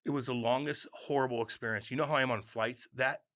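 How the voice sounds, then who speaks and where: A man in his thirties from the St. Louis area, co-hosting a podcast and telling an animated story full of swearing and acted-out yells. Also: medium pitch, quick pace, dry recording, clean studio sound. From St. Louis area, USA. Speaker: podcast co-host. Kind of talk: casual podcast chat.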